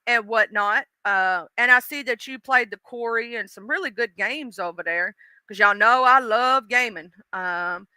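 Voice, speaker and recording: A woman chatting casually on her live stream, animated and chatty, cursing freely and reacting to her viewers' comments. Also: fairly high pitch, smooth, no echo.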